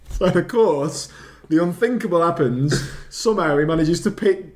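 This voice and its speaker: A man with a fairly high voice tells a film's story in a loose, rambling way. He laughs often and keeps the chat casual. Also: lively intonation, unhurried. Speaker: podcast co-host. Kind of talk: casual film recap chat.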